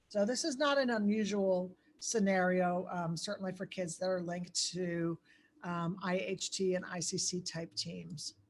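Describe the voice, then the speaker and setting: A woman giving a conversational crisis-training lecture, pausing often on ums and putting questions to her audience. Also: on the low side. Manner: asks the audience questions, many filler ums.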